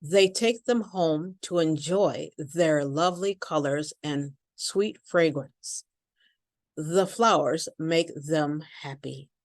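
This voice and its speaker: Slow, carefully enunciating woman teacher. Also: low-pitched, a little mellow, no room sound, studio quality. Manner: slow, deliberate over-enunciation. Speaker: accent and pronunciation teacher. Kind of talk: pronunciation lesson with repeat-after-me drills.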